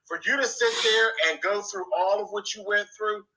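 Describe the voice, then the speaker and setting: A man with a high, piercing, sharp-edged voice rants on a livestream. He taunts and curses, stretching out every insult. His delivery is mocking and profane. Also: steady tone, normal speed, rough recording. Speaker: YouTuber in a played clip. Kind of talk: livestream rant.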